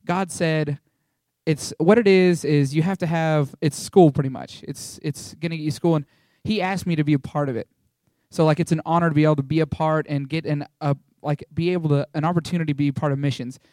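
A young man giving an informal, rambling testimony to a small church, excitable and full of fillers and restarts. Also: on the high side, fairly quick, no room sound, studio quality. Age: young adult.

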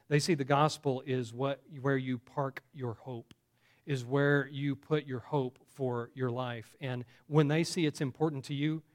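In a conversational sermon, a male pastor with a fairly high-pitched voice asks his congregation questions, often stumbling over fillers and starting sentences again.

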